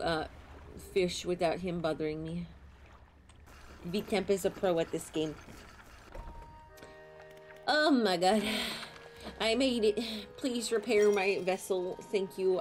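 A young adult woman streaming a game, chatting playfully with viewers, giggling and squealing as her pitch swoops up and down. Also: darkish tone. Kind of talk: casual live-stream game commentary.

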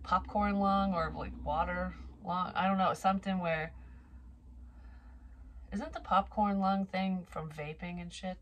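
A young woman with a slightly low voice talks through a psychic reading in a loose, rambling way, cursing freely as she goes. She coughs now and then and sounds a little wheezy. A faint hiss sits under her voice. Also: fairly even intonation, measured pace. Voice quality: casual and profane, rambling. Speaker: psychic reader. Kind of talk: tarot reading monologue.

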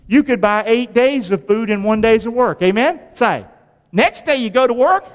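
A man's voice: very high voice, lively intonation, normal speed. A male pastor preaching a sermon, quizzing his congregation and repeating phrases for emphasis in a folksy way. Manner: call-and-response preaching, asking the congregation questions; folksy, repetitive emphasis with sudden rises and drops. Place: church. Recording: long hall reverb from church sanctuary.

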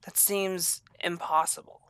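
Excitable, profane woman gaming. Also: lowish voice, a little slow, smooth, dry recording. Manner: excitable, profane, swings between groans and shrieks. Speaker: game streamer. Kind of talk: let's play commentary.

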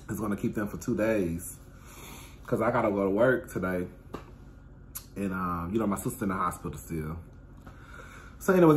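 Sassy, animated man gossiping to viewers. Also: lowish voice, slight background noise. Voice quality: sassy, animated and expressive, calls listeners "girl" and "honey", swears freely. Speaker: host of his own talk stream. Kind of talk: casual storytelling to viewers.

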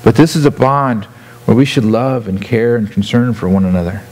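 A man's voice: fairly low pitch, fairly even intonation, normal speed, noisy background. A man preaching a sermon as a church pastor, earnest and often repeating words as he restarts his sentences. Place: church sanctuary.

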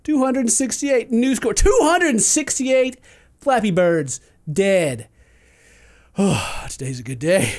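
A man hosting a gaming video, commenting on his play with sudden yelps, shouts and laughs, and gloating like a mock villain in between. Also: sits high, expressive, slow. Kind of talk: excitable gameplay commentary.

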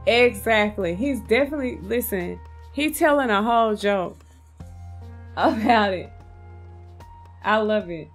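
A woman's voice: medium pitch, expressive, a little slow, long pauses, faint music behind. A woman giving casual, gushing commentary on a video game, chatting to her viewers and calling them "y'all". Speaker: game content creator.

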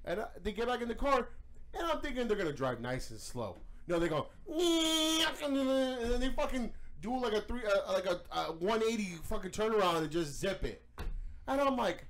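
A man hosting a podcast, telling a story in casual chat, animated and profane. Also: high voice, moderate pace. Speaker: podcast host.

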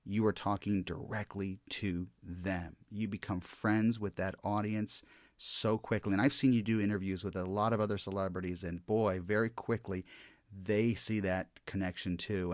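A man's voice: low-pitched, level tone, normal speed, no room sound, clean studio sound. A man hosting a podcast interview, speaking in an encouraging, affirming way. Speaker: podcast host, hypnotist and corporate trainer. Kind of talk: casual interview chat.

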